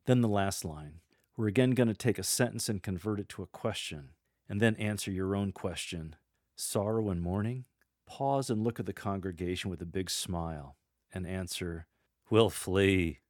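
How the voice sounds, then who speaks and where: A man coaching church lectors, explaining how to read a scripture passage aloud and demonstrating the lines himself in a gentle, warm way. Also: low-pitched, no room sound, clean studio sound. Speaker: lector trainer. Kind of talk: instructional coaching on scripture reading.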